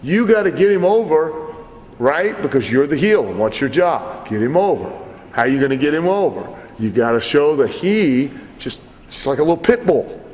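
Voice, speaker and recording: A middle-aged wrestling trainer with a fairly high voice speaks at a normal speed as he coaches wrestlers and critiques their matches. He's animated and profane, swearing as he acts out scenes. The recording has the echo of a hall and faint background noise.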